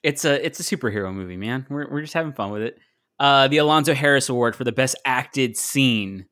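Man, podcast host, casual chat, chatty, self-correcting, middle pitch. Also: brisk, fairly bright tone.

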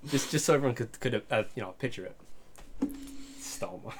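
A man's voice: medium pitch, expressive, brisk, background noise. A man playing in a casual tabletop game, crude, joking and profane. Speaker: player.

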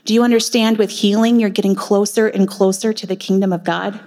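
A woman's voice: medium pitch, fairly even intonation, a little fast, a little mellow. Passionate woman preaching in a hall. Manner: passionate, preacherly, emphatic rhetorical questions. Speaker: nurse practitioner speaking at a women's retreat. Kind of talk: faith-based talk with prayer. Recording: long hall reverb.

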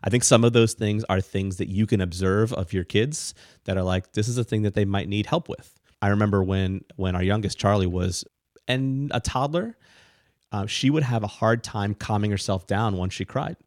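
A middle-aged man co-hosting a casual podcast, explaining ideas in a rambling, animated way with frequent restarts. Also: on the low side, moderate pace, no echo, clean studio sound. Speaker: podcast co-host, parent.

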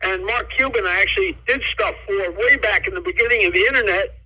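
A man telling jokes as a comedian guest on an interview, an animated storyteller who laughs at his own jokes. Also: high-pitched, fast, husky, rough recording.

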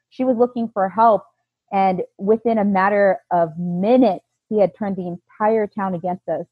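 A woman earnestly recounts a painful chapter of her life, quoting the people involved in an emotional retelling. Her medium-pitched voice is steady, with a breathy edge and normal speed. The candid testimony is captured in a dull, lo-fi, dry recording with no echo.

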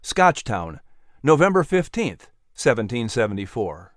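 A man reads a scripted historical story in a measured, even storytelling manner. His voice sits mid-range and the recording is close and dry. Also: mid-range voice, dry recording. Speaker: narrator.

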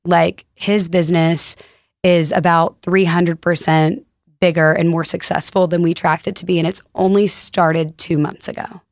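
A woman's voice: lowish voice, level tone, moderate pace, no room sound. A young woman from Texas, a podcast guest telling stories in a chatty, casual way with lots of fillers. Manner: chatty, laughs through anecdotes, many "like" fillers. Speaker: podcast guest, store co-founder. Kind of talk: casual conversational storytelling.

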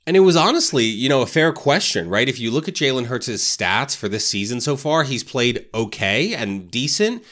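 A man's voice: mid-range voice, sing-song, normal speed, few pauses, a bit bright. A man hosting a motivational talk for realtors, casual, often tagging "right?" onto his points. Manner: casual, keeps asking "right?". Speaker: real estate podcast host.

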